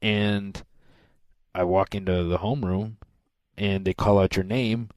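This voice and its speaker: A podcast co-host with a lowish voice tells stories in casual chat at a measured pace, recorded with no echo. He's an animated storyteller who acts out what people said.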